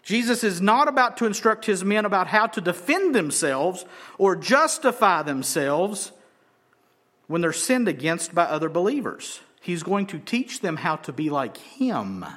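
A man with a notably high voice preaches an expository sermon. He talks emphatically, repeats phrases to drive points home, and stretches out the words he wants to stress. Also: very animated, measured pace, fairly bright tone. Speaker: pastor.

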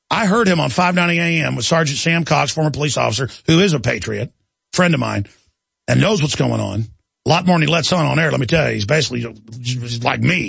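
Male talk radio host, somewhat high, gravelly voice, ranting and indignant. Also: a bit bright, no echo.

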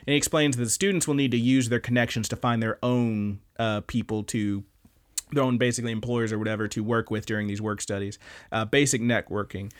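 A man's voice: mid-range voice, steady tone. A young man co-hosting an anime podcast, casually recapping episodes with loose, profane chatter. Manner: loose, profane, does quick silly character voices. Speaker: podcast co-host.

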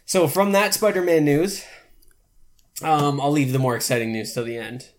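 On a casual podcast, a Canadian male co-host jokes and swears freely while acting out quoted people. His voice is on the high side with fairly even intonation and a moderate pace, with slight background noise.

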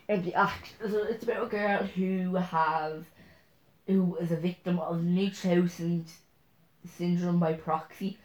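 Rambling woman, lowish voice. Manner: rambling, chatty, restarts sentences often. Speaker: vlogger. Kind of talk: casual chat to camera. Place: at home.

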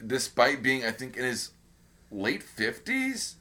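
A man's voice: medium pitch, huge pitch swings, slow pace, sharp tone. A man co-hosting a casual podcast chat, rambling with lots of fillers and restarts. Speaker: podcast co-host.

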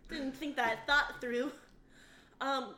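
A woman's voice: high-pitched, steady tone, takes it slowly, pushed and bright. A young woman hosting a casual podcast, teasing and giggly. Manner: giggly, teasing, asks silly questions. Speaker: podcast host. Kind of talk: casual joking chat. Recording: echoey room.

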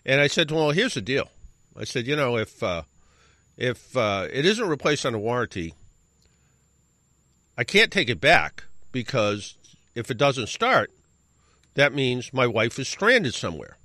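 A man's voice: mid-range voice, big pitch swings, a little slow, pauses often, sharp tone, dry recording, clean studio sound. A middle-aged man hosting a radio show, telling a rambling anecdote in a casual way, correcting himself and adding wry asides. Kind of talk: casual storytelling.

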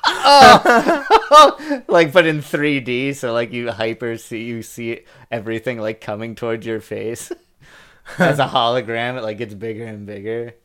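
A man's voice: mid-range voice, unhurried, a bit bright. A man co-hosting a podcast in casual comedic chat, joking and laughing often. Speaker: podcast co-host.

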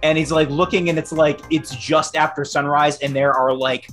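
A man narrating a tabletop role-playing game as game master, halting and full of fillers, often laughing. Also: fairly high pitch, little pitch movement, a bit bright, soft background music.

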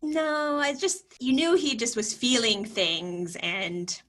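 Female podcast co-host, bright tone, relaxed conversational delivery. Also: on the high side, slow pace. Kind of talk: casual movie podcast chat.

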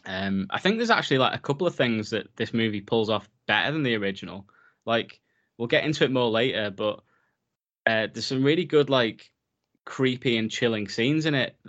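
A man's voice: medium pitch, lively intonation, normal speed, fairly bright tone, highs cut off. A man in his thirties co-hosting a casual film podcast, enthusiastic and rambling with lots of fillers. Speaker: podcast co-host.

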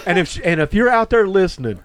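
A man's voice: sits high, sing-song, quick pace, a bit bright. A man hosting a podcast in casual banter, laughing often and tacking "man" onto his lines. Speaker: podcast host.

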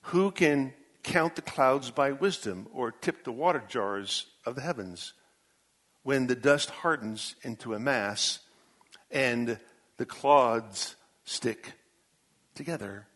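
A male pastor preaching a sermon, reading scripture aloud and addressing Job directly, swinging from booming to hushed. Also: slow.

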